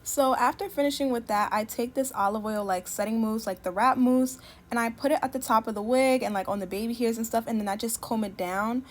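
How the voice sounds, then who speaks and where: A young woman giving a casual voice-over for a wig tutorial, talking fast and packing in "like" and other fillers. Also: fairly high pitch, steady tone. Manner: chatty, fast, many "like" fillers. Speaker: beauty YouTuber. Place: home, voice-over recorded separately.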